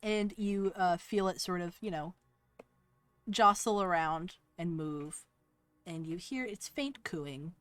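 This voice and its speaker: Woman running a tabletop game, lowish voice, dry close sound. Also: takes it slowly, fairly bright tone, smooth, dry recording, soft background music. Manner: easygoing, hesitant fillers. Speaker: game master.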